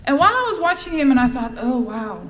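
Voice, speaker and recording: A middle-aged woman giving a personal testimony at a recovery fellowship event, telling her story in a lively way and acting out the lines she quotes. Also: high-pitched, very fast, slight background noise. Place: large event hall. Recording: echoey hall with faint ambience.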